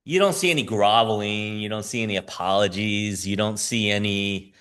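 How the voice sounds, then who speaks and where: A man's voice: on the low side, moderate pace, fairly bright tone, clear, resonant tone. A man who teaches school, preaching a conversational sermon with frequent chuckles and "right?" asides.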